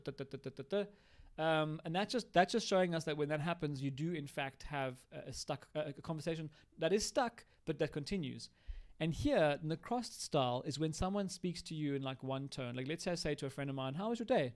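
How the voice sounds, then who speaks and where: Gravelly man teaching on a live stream. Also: fairly high pitch. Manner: explanatory, acts out example lines. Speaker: recovery educator.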